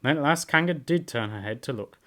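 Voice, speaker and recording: A man narrates a storybook aloud with lively, expressive reading. His voice sits at an ordinary middle pitch. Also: brisk. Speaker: book reviewer reading aloud.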